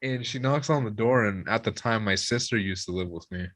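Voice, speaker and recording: A man's voice: lowish voice, fairly quick, dry recording. A young man, a musician guest, casually telling a rowdy drinking story, swearing freely and acting out the people he quotes. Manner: swearing, lively retelling with quoted voices.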